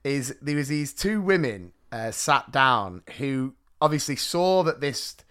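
A man, co-hosting a podcast and telling stories in a casual, animated way. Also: medium pitch, unhurried, smooth. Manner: animated storytelling with laughs. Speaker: podcast co-host. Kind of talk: casual chat.

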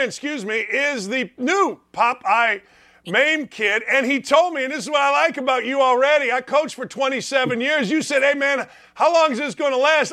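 A middle-aged man hosting a sports talk show, energetic and quick to laugh. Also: very high-pitched.

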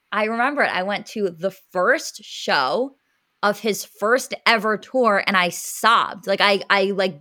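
A woman's voice: mid-range voice, sharp tone. A young woman co-hosting a podcast, telling a story in an emotional, gushing way with lots of filler words. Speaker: podcast co-host. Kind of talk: casual chat.

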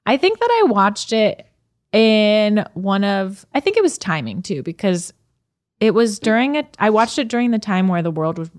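Bubbly woman with a lively voice. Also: mid-range voice, moderate pace. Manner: bubbly, laughs often. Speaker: podcast co-host. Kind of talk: casual chat.

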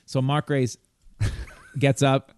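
A man co-hosting a casual talk show, spinning an excitable, rambling anecdote. The sound is dry and close, with no room echo. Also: mid-range voice, very slow, smooth. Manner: animated, rambling, profane storyteller. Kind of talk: casual storytelling chat.

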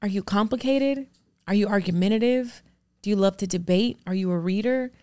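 A woman's voice: medium pitch, fairly quick, warm tone, clear, resonant tone. A woman in her thirties, an actor and producer, speaking candidly as a podcast guest. She talks earnestly and with emphasis, often in strings of rhetorical questions. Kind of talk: candid interview talk.

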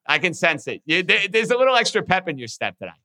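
A man trades sports jabs in teasing, needling banter. His voice sits a little high and sounds bright and sharp. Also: big pitch swings, fast. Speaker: guest sports commentator.

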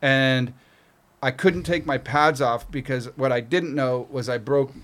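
A man's voice: medium pitch, a little slow, fairly bright tone. A middle-aged man from Canada, a podcast guest telling stories casually, swearing freely and acting out what others said. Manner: swears freely, acts out quoted voices. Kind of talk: casual storytelling.

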